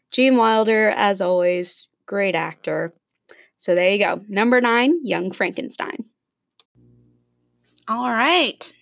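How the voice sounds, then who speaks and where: A woman's voice: mid-range voice, no room sound, clean studio sound. A young woman hosting a casual podcast, chatting in an upbeat way about her favorite movies and laughing between remarks. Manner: uses casual fillers like "like" and "super". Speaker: podcast host. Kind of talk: casual spoken movie ranking.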